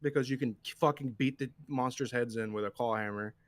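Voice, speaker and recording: A man's voice: mid-range voice, brisk, no room sound. A man co-hosting, chatting in a joking, crude way. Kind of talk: casual chat.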